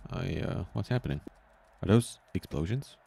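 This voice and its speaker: A man's voice: low-pitched, lively intonation, gravelly, warm tone, exaggerated voice. A man voicing a nervous, peaceful male hero who keeps asking anxious questions. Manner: anxious questions, quick when flustered.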